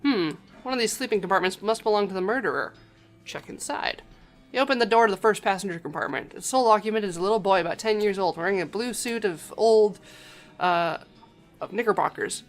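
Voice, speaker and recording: A woman's voice: medium pitch, brisk, faint music behind. A woman streaming a game, reading its text aloud with wry, joking asides.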